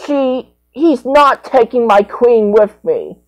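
A woman drawls through a rambling, improvised play scene, trading lines between made-up characters. Her pitch swoops and bounces all over, while her delivery stays unhurried. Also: animated, dull audio.

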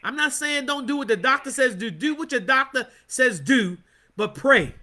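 High, bright-voiced fervent preacher man. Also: expressive, normal speed. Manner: fervent, call-and-response with amens. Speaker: Bible study teacher. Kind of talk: preaching Bible study.

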